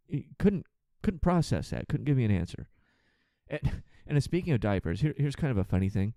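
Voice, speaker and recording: A man's voice: mid-range voice, big pitch swings, normal speed, dark tone, no room sound, clean studio sound. A man hosting a solo podcast, ranting with sarcastic, profane exasperation about his work as a flight attendant.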